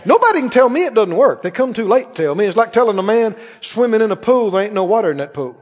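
A middle-aged man preaching a sermon as pastor, emphatic and animated, with sudden exclamations. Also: high-pitched, quick pace, hardly any pauses. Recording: dull recording with long hall reverb.

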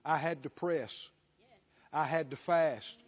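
Guy doing a smug bragging preacher, lower and self-satisfied, muffled lo-fi audio. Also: steady tone, slow. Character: boastful self-glorifying male preacher. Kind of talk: sermon. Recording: dull lo-fi recording.

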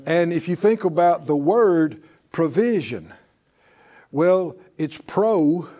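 A man's voice: fairly high pitch, animated, slow, dark tone. A man teaching a Bible class in sermon style, folksy, with chuckles and rhetorical questions. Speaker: preacher and teacher.

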